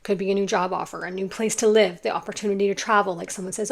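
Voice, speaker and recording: A young adult woman giving a casual, effusive tarot card reading to her viewers, full of "like"s and quick laughs. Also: medium pitch, fairly even intonation, creaky. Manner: chatty and effusive, many "like"s, quick laughs, acts out imagined people.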